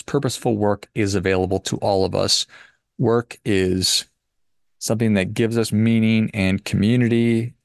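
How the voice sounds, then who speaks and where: A man's voice: lowish voice, creaky, no echo, studio quality. A man hosting a personal finance podcast who gives a casual motivational talk in an emphatic, preachy way and repeats his points.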